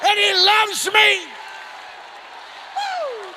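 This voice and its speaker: A man preaching a fiery revival sermon, shouting and whooping in a folksy, rousing way. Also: extremely high pitch, a little slow, a crowd in the background, noisy background. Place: church sanctuary.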